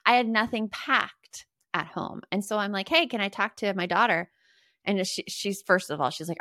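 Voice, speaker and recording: A middle-aged woman co-hosting a podcast, telling lively family stories and acting out the voices of the people in them. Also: medium pitch, normal speed, no echo, studio quality. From Arizona, US. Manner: animated storyteller, acts out quotes. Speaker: podcast co-host. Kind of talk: casual chat.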